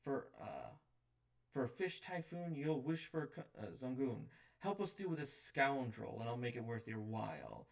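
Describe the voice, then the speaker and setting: A man voicing an older female kobold who runs a seafood stall and pitches her business proudly. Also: animated, normal speed, creaky, recorded from a distance. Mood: persuasive.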